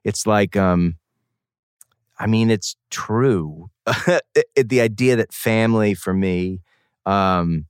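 Middle-aged man from New England, low register, dry close mic, rambling and animated. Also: slow pace, clear, resonant tone, no room sound. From New England, outside Boston. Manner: rambling, animated storytelling with laughs and self-corrections. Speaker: guest musician. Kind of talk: casual interview talk.

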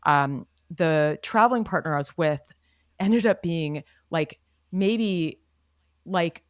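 A woman's voice: low voice, slow pace, no echo, studio quality. A woman co-hosting a casual podcast chat, sharing rambling anecdotes in an easygoing way. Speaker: podcast co-host.

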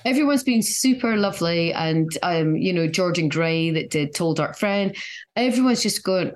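A woman's voice: fairly low pitch, lively intonation, moderate pace. A middle-aged Scottish woman, a guest comedian in a casual chat, chatty and self-mocking, often laughing. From Scotland.

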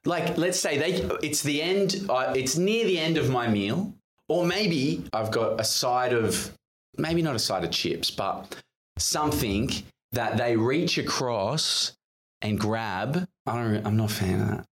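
A young man hosting a podcast, chatting in a relaxed way, asking questions and telling anecdotes. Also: medium pitch, measured pace. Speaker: podcast host. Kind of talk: casual chat.

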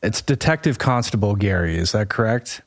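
A man's voice: on the low side, expressive, moderate pace, no echo, clean studio sound. A man from the United States co-hosting a podcast, asking questions in a polite, easygoing way. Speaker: podcast co-host. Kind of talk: interview questions.

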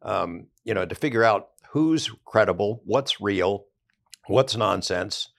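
A man's voice: on the low side, slow, creaky, fairly bright tone. An older man, an investigative journalist, recounting past events conversationally in a podcast interview.

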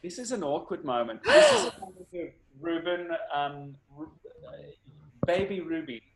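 An Australian man telling an animated, camp anecdote in a casual chat. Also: fairly high pitch, moderate pace. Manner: camp, animated storyteller, acts out voices. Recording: echoey room.

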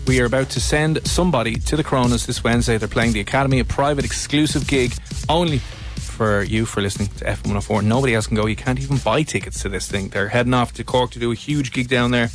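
A man hosting a radio show, upbeat and brisk as he talks to a caller. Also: mid-range voice, music in the background. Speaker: radio host.

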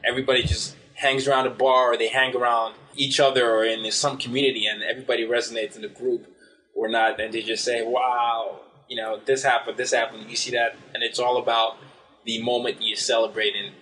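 A man's voice: mid-range voice, fairly quick, low-quality recording. A man hosting a podcast interview, enthusiastic and prone to stumbling over his words. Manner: enthusiastic, stumbles and restarts, excitable. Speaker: podcast host. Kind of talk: casual interview.

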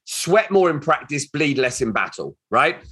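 Man, podcast host, higher voice, lively intonation, casual storytelling. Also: normal speed, breathy edge. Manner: animated storyteller, acts out quoted dialogue.

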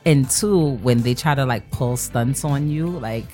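A woman in her thirties with a strikingly deep voice chats as a podcast guest. She talks loosely and laughs easily, with "like" dropped in all the time. Faint music sits under the talk. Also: measured pace, dark tone. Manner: laughs easily, chatty, leans on "like" as a filler. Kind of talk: casual interview chat.

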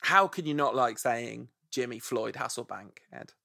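A man's voice: mid-range voice, lively intonation, moderate pace, gravelly, sharp tone, no echo, clean studio sound. A man hosting a podcast in casual chat, playfully savoring the sound of names as he reads out suggestions. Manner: playful, relishes saying names aloud. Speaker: podcast host.

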